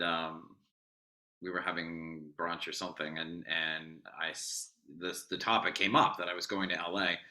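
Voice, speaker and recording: Bright, upbeat male podcast co-host. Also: sits low. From United States. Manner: upbeat, animated storyteller. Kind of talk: casual podcast chat.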